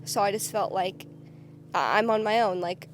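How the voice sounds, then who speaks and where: A young woman telling her own story to the camera in a casual, candid way, full of "like" and quick restarts. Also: mid-range voice, a little hiss or hum. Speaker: vlogger.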